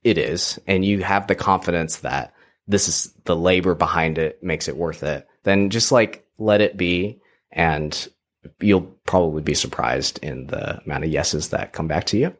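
A young man telling a story in casual chat, rambling with many restarts and frequent laughs. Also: deep voice. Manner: rambling, halting, laughs often. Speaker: podcast guest. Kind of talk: casual conversation.

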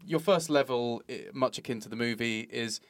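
A man's voice: mid-range voice, normal speed. Rambling podcast man. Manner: rambling, self-deprecating, swears freely. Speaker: podcast host. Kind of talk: casual chat.

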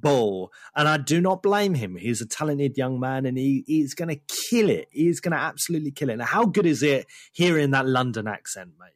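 A man's voice: mid-range voice, animated, a little fast, few pauses, no room sound, clean studio sound. A man co-hosting a casual podcast chat, chatty and calling his co-host "mate". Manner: chatty, says "mate" often.

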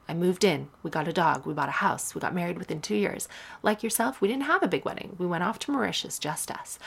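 A woman in her thirties hosting a podcast, telling stories in a casual, animated and wry way. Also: deep voice, creaky. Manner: animated, wry, puts on voices for quotes. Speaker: podcast host. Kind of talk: casual storytelling monologue.

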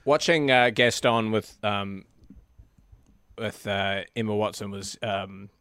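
Male co-host, casual chat, deadpan delivery, dry close recording. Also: on the low side, slow pace, clean tone, dry recording. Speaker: podcast co-host.

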